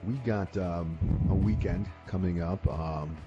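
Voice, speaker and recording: A man's voice: low voice, steady tone, a little slow, soft background music. A middle-aged man hosting a podcast, chatting in an easygoing, dry way with frequent chuckles. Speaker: podcast host. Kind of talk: casual chat. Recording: slightly dull lo-fi audio.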